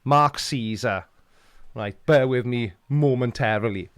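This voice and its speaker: A man's voice: mid-range voice, a little slow, smooth, dry recording. Jokey Welsh man reading chat. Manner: jokey, dry teasing banter. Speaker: streamer. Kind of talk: live stream chat, reading comments.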